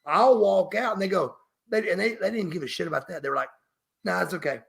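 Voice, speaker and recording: Raspy man telling a story. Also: high voice, expressive, fast talker. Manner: emphatic, profane, refers to himself by name. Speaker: podcast guest. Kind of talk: storytelling interview.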